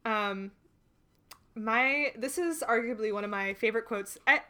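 A woman's voice: fairly high pitch, unhurried, sharp tone. A woman co-hosting a podcast, chatting casually and laughing easily about favorite movie lines. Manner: giggly, easily amused. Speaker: podcast co-host. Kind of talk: casual chat.

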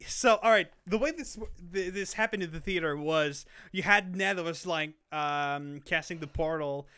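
A young man co-hosting a movie podcast, chatting casually and excitedly with lots of fillers. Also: a little high, normal speed, clear, resonant tone. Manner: excitable, rambling, many fillers. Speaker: podcast co-host. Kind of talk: casual chat.

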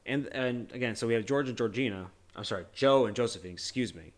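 A man's voice: mid-range voice, quick pace. A man co-hosting a casual movie discussion podcast, rambling and joking loosely with many restarts. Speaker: podcast co-host.

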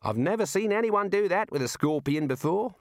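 A man's voice: high voice, animated, brisk, no room sound, pitched above the performer's own voice. A man voicing a blunt, unimpressed male kangaroo in a storybook reading, with a dry, matter-of-fact drawl.

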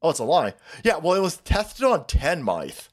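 A man ranting on his live stream, swearing freely and dripping with sarcasm. His voice sits fairly high for a man and swings wildly up and down as he mocks and riles up his viewers. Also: huge pitch swings, moderate pace. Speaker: streamer host.

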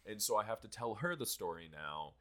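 A young man with a low, deep voice and a bright, forceful edge tells a story on a podcast. He talks casually and swears freely. His delivery is animated and keeps the story moving. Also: fairly quick. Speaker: podcast host.

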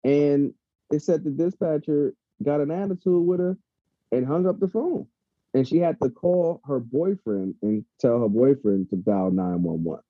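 A man's voice: fairly high pitch, normal speed, dry recording. A man talking casually and heatedly, swearing freely, as a podcast co-host. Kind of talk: casual chat. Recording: dull lo-fi sound.

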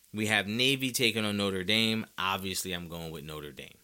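A man's voice: deep voice, moderate pace, bright, forceful tone, clear, resonant tone. A man hosting a sports podcast, giving emphatic, opinionated commentary straight to his listeners.

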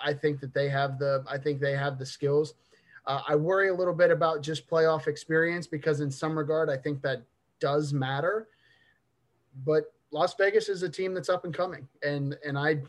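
A man's voice: a little high, fairly even intonation, normal speed. A man co-hosting a sports podcast, chatting enthusiastically about football and laughing easily. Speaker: podcast co-host. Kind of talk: casual sports chat.

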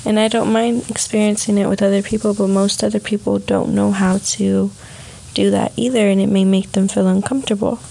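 A young woman vlogging a soft, heartfelt personal reflection on emotions. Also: medium pitch, level tone, a little fast, vocal fry, low-quality recording.

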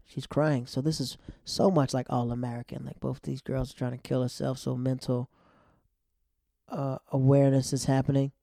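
A man with a mellow, warm voice talks through a TV episode recap in loose, slangy chat. He jumps into the characters' lines in quick bursts. The sound is dry and close, with no room around him. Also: medium pitch, flat delivery, vocal fry, no echo.

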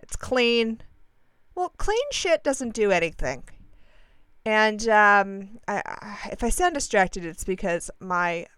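A woman hosting her podcast, telling a rambling story in a chatty, animated way and swearing freely. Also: mid-range voice, smooth, no echo. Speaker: podcast host. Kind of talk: casual storytelling monologue.

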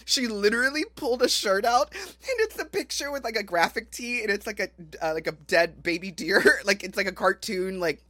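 A man's voice: high-pitched, animated, fairly quick, sharp tone, no echo. A man co-hosting a podcast, telling stories in a rambling, laughing way with lots of fillers. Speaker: podcast co-host. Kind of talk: casual chat, storytelling.

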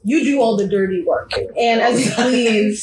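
A woman's voice: a little high, a little mellow. A woman running a tabletop game as game master, narrating scenes to a player in vivid second-person detail. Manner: slow, vivid descriptive narration. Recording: roomy echo, faint background noise.

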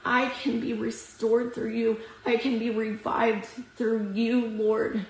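A woman preaches in a slow, prayerful cadence, her slightly high voice thick with tears. She speaks earnestly to a group of women, and her words ring around an echoey room. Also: level tone. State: teary. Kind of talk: devotional sermon with scripture reading.

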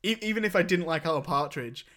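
A man's voice: a little high, lively intonation, fast talker, fairly bright tone. A young man hosting a podcast in casual, rambling chat. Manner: rambling, chatty, laughs while retelling scenes. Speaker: podcast host.

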